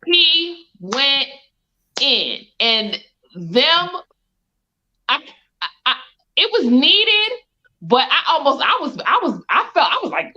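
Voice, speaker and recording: Thoughtful woman, high bright voice, lo-fi. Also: big pitch swings. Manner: measured, thoughtful commentary with repeated "I think". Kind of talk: casual chat. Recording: dull lo-fi sound.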